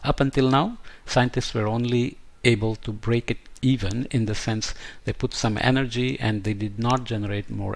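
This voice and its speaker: A man giving an explanatory science lecture over slides, thinking aloud with frequent hesitant fillers and self-corrections. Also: on the low side.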